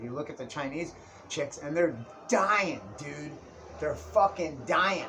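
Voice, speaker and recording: A man's voice: on the high side, expressive, measured pace, fairly bright tone, slight background noise. A young man telling a comic story in a casual, profane way, peppered with dude and bro. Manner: profane, slangy, keeps saying dude and bro. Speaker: vlogger. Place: indoors, Tijuana area.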